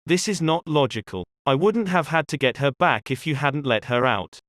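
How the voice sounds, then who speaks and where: A stern father, gruff and scolding, keeps his voice low and pressing, as a male audiobook reader voices him. The sound is close and dry, with no room around it. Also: lively intonation, moderate pace, a bit bright, no echo. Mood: angry. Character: stern angry working-class father, adult man.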